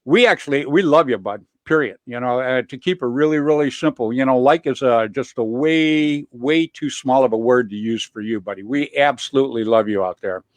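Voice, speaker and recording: A man's voice: mid-range voice, a little fast, few pauses, no echo. Rambling laughing male show host. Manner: rambling, laughing, swears freely. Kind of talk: casual chat.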